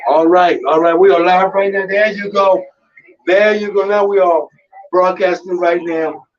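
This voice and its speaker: Excitable high-voiced radio host. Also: male voice, moderate pace, recorded from a distance, highs cut off. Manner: loud, excitable, chanting ad-libs. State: voice going raspy. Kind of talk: hype live radio banter.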